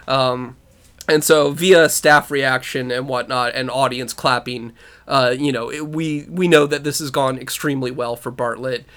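A man's voice: mid-range voice, fairly even intonation, normal speed, fairly bright tone, clear, resonant tone. A man co-hosting a podcast, chatting casually about a TV episode, swearing, laughing often and acting out characters' lines. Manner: profane, laughing, acts out quotes. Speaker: podcast co-host. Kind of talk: casual recap chat.

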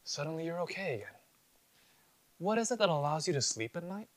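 A man's voice: fairly high pitch, very animated, a little fast, no echo. A man preaching an expository sermon, emphatic, often repeating phrases and asking rhetorical questions.

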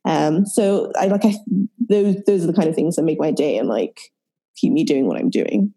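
A woman's voice: sits low, normal speed, mellow, breathy edge. A British woman, a baker, talking as a podcast guest in a loose, rambling way, full of fillers and restarts. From United Kingdom. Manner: rambling, filler-heavy, self-correcting. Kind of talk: casual podcast interview.

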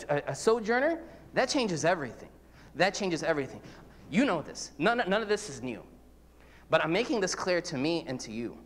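A man's voice: high voice, fairly bright tone, long reverb tail. A man, a priest, preaching an earnest, conversational sermon, full of repetitions and everyday examples.

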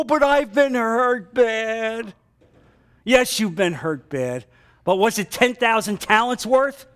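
A man pastor preaching a sermon, dramatic, sometimes dropping to a hushed, emotional tone. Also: sits high.

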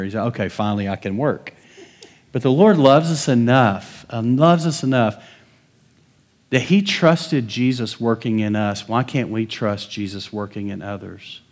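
A man's voice: mid-range voice, darkish tone. Folksy man preaching a story-filled sermon. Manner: folksy, chuckles often, acts out quoted dialogue. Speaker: pastor.

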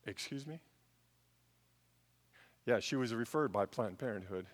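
A middle-aged man preaching a sermon, telling stories and swinging between hushed asides and loud emphasis. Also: mid-range voice, lively intonation, unhurried, long reverb tail. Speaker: pastor.

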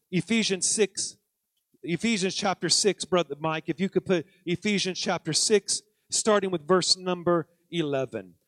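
A man's voice: high-pitched, no room sound. A man preaching a sermon in a church, emphatic and repetitive, building in intensity as he drives his points home. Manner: emphatic, repeating key words and building in intensity. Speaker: pastor. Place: church sanctuary.

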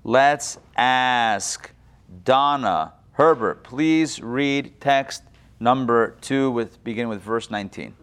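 Guy teaching a torah class on a video call, animated, retells the text in everyday slang. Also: medium pitch, takes it slowly, clear, resonant tone. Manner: animated, paraphrases the text in casual modern speech.

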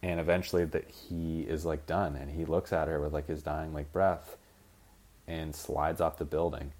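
A man's voice: rumbling low, flat delivery, moderate pace, a little mellow. A young man hosting a solo podcast, rambling casually with lots of fillers, swearing, and acting out scenes as he retells them. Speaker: podcast host. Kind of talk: casual rambling film chat.

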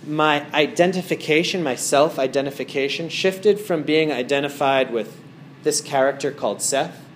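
A man's voice: on the high side, moderate pace, a little hiss or hum. A man giving a casual talk as a meditation teacher to a small group in a wellness center, rambling through stories with many fillers.

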